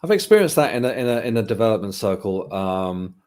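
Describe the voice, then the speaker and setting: A man's voice: fairly low pitch, big pitch swings, brisk, darkish tone, clear, resonant tone. A man, a guest on an interview, telling his experiences in a reflective, candid way. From England. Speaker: guest medium. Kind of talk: casual interview chat.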